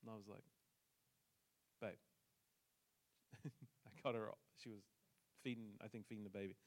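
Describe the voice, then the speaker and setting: A pastor from New Zealand, speaking with a New Zealand accent, tells a personal story during a sermon and mixes in jokes for the congregation. His voice is lowish and steady in tone, and he talks fast.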